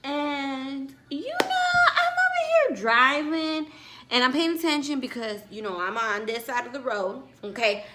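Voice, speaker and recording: A woman's voice: high voice, very animated, a little slow, background noise. A young woman vlogger telling a story in a casual, sassy way, with lots of asides to her viewers.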